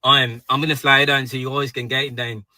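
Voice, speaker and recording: Joking man with a bright voice. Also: mid-range voice, little pitch movement, brisk, no echo. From Jamaica. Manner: playful, joking, teasing. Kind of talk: comic social media skit.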